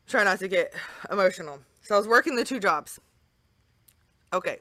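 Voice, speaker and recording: A woman, a guest in an interview, telling an emotional personal story in an earnest, animated way, repeating phrases for emphasis. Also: fairly low pitch, no echo.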